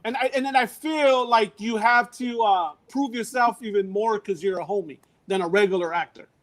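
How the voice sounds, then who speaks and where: A man with a high, bright voice tells stories on a podcast. His talk is casual and full of slang and swearing, and he often restarts his sentences. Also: normal speed. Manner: profane, slangy, repeats words when excited. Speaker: comedian and actor.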